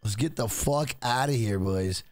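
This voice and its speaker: A man streaming a video game live, swearing freely and loudly hyping up his donors. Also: mid-range voice, a little slow, no echo. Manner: profane, hyped, shouts out donors. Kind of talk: live gameplay stream chat.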